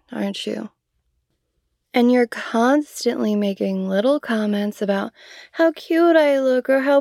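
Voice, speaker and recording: A fiery young woman coder, proud and quick to swear, speaking slowly with a gravelly, mellow edge on a higher voice, as a woman acts her out. She sounds dry and close, with no room around her. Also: no echo, exaggerated voice. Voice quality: swears constantly, sharp-tongued. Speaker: computer science student. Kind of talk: adult audio role-play.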